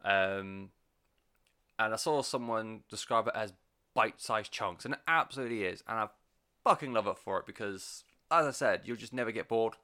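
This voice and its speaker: An album reviewer talks through a record in a loose, rambling spoken review, full of fillers and cheerful swearing, audibly excited about what he loves. His voice sits a little low yet sounds bright, forceful and clean, at a normal speed.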